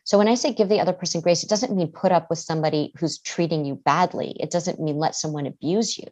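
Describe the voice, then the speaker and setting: Brief: thoughtful woman therapist, slightly low voice, calm and measured interview answers. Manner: measured, reflective, restarts words. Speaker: therapist and author guest. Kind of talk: advice-giving interview answers.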